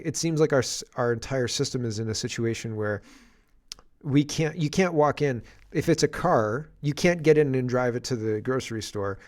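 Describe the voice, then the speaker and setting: Guy ranting on his politics stream, sarcastic, rambling, kinda fed up. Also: mid-range voice. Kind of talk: casual political commentary.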